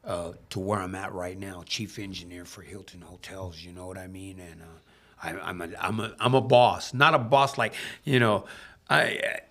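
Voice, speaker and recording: A man from Southern California in casual conversation, animated, swearing freely as he acts out both sides of a dialogue. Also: deep voice, moderate pace. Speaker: podcast guest in recovery. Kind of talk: casual storytelling.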